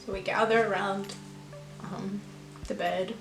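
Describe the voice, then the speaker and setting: A woman vlogger calmly recounting a hard personal experience in a candid storytime, with many "like"s and "you know"s. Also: mid-range voice, measured pace. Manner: candid, reflective, lots of fillers. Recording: echoey room with music behind.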